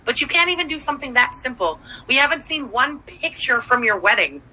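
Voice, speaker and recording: Woman streamer, bright higher voice, sarcastic and profane rants. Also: big pitch swings, brisk, rough recording. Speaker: livestream host. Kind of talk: livestream commentary.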